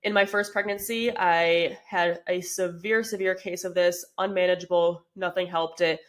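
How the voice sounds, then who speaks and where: Chatty woman podcast host, low-pitched. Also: steady tone, moderate pace. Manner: chatty, with frequent "like" and "um" fillers. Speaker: podcast host, fitness coach. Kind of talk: casual explanatory podcast talk.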